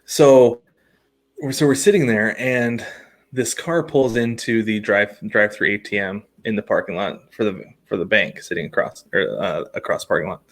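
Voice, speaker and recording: A man's voice: lowish voice, moderate pace. A man in his thirties, a podcast co-host, telling a long funny story in casual chat, laughing often and acting out what people said. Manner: animated, laughs often, acts out quoted voices.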